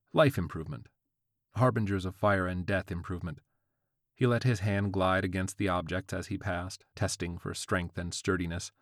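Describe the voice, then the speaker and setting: Deep-voiced man narrating a story wryly. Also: no echo, studio quality. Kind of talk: scripted audiobook narration.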